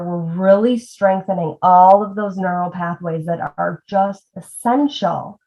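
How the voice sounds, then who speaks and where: A woman reading tutor teaching parents a sound-tapping reading game, breaking words slowly into their sounds and talking straight to the viewer. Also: medium pitch. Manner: demonstrating sounds slowly, addressing parents directly. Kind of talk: instructional video lesson. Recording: slightly dull lo-fi video audio.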